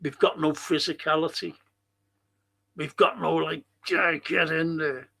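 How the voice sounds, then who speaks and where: A man's voice: fairly high pitch, fairly even intonation, measured pace, creaky, bright, forceful tone. An older man hosting a podcast, chatting in a rambling way and answering listener messages. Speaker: podcast host. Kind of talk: casual chat reading listener messages.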